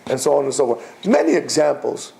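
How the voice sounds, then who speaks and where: A male teacher giving a classroom lecture, repeating words slowly and teasing his listeners with quiz questions. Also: medium pitch, sing-song, creaky, a little mellow.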